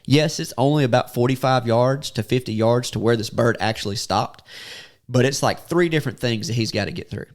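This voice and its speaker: A man telling a hunting story casually on a podcast, acting out what people said. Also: fairly quick. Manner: animated, acts out quotes with sudden high-pitched outbursts.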